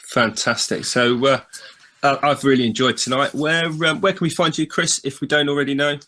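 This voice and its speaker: A man hosting a casual podcast in a relaxed, chatty way. He keeps the conversation moving between guests, passing the turn along. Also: mid-range voice, normal speed. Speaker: podcast host.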